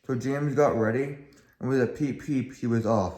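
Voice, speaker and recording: At normal speed, a man reads aloud from a children's storybook about railways in a plain way, stumbling slightly here and there. His voice sits in the mid-range and sounds a little mellow. Faint background sound and echo fill the room.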